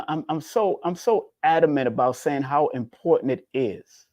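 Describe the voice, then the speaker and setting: A man giving a casual spiritual talk as a numerology teacher, preachy and repetitive, swinging his pitch up and down. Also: lively intonation, normal speed, a little mellow, no echo, clean studio sound.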